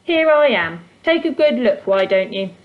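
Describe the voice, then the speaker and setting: A woman's voice: a little high, animated, normal speed, lo-fi sound, voice pushed up, natural voice. A woman doing a grumpy little creature. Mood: snappish. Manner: snappish, grumbling, impatient. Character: grumpy short old male trackside creature. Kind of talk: storybook reading.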